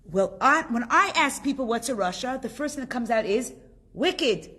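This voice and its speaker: Husky-voiced woman teaching a class. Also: a little high, moderate pace. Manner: lively, chatty, asks the class questions. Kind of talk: casual group class.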